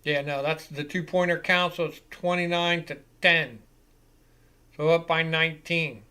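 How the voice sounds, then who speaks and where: Guy hosting a live football reaction stream, swears a lot, gets worked up, bright edgy voice, kinda high. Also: unhurried, clear, resonant tone. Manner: excitable and profane, swears freely. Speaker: live reaction show host. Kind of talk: live play-by-play reaction commentary.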